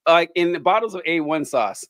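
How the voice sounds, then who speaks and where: A man hosting a casual chat, telling animated stories and laughing often. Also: on the high side, fairly quick, no echo. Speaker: host.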